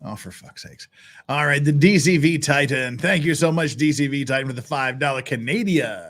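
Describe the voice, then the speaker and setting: A man's voice: mid-range voice, normal speed, fairly bright tone. A man commentating on a live stream, joking and sarcastic, cursing now and then, thanking viewers. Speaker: streamer reacting to trial footage.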